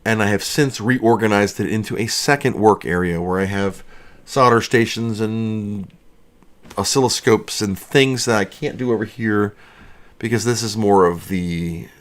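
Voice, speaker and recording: A man's voice: lowish voice, fairly even intonation, a little slow. A man hosting a casual livestream from his basement studio, rambling and joking as he answers chat questions. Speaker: livestream host.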